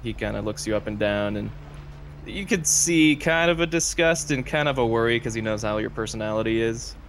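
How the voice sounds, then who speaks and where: A man's voice: mid-range voice, a little fast, fairly bright tone, a little hiss or hum. A man narrating as game master of a tabletop role-playing game, loose and full of fillers.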